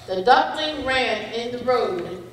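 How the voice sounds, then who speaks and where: A woman reading spelling words, definitions and example sentences to children at a school spelling bee, speaking deliberately and kindly over a microphone. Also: fairly high pitch, lively intonation, fairly bright tone, slight background noise. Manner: slow, deliberate word reading, kind to children. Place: school event hall. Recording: echoey hall from far off.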